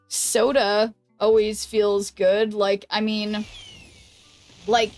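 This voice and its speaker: A woman streamer chatting casually while she plays a card game, thinking aloud and greeting viewers, with a voice that is going hoarse. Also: medium pitch, little pitch movement, takes it slowly, a little mellow, faint music behind. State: losing her voice. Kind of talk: casual gameplay commentary.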